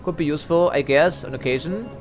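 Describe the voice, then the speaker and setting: A man's voice: a little high, fast talker, soft background music. Chatty man commenting on gameplay. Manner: chatty, hedging, dryly critical. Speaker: let's play commentator.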